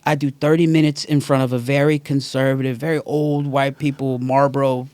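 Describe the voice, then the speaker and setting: A man who is a stand-up comedian and podcast host, telling an animated, profane story in casual chat. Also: mid-range voice, brisk, no room sound.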